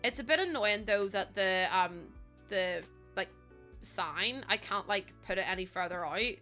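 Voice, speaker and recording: A woman's voice: medium pitch, lively intonation, measured pace, bright, forceful tone, soft background music. A young woman with a Northern Irish accent, chatting casually to her live stream audience, laughing often and swearing now and then. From Northern Ireland.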